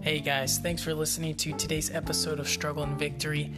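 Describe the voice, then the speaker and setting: A man's voice: a little high, monotone, fairly quick, loud music behind the voice. A man hosting a podcast, upbeat and encouraging as he wraps up the episode. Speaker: podcast host. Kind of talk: podcast host talk and outro.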